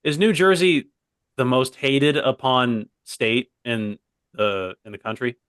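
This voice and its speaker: A young male co-host on a comedy podcast, chatting casually in a medium-pitched voice that's slightly bright, clear and resonant. He speaks slowly and rambles, wandering off on tangents and repeatedly saying "by the way." The recording is close and dry, with no room echo.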